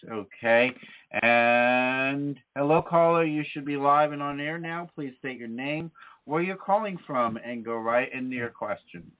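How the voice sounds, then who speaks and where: Calm man hosting psychic call-in radio. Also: medium pitch. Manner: calm, measured, repeats "okay?" to check in. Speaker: psychic radio show host. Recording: phone-like radio audio.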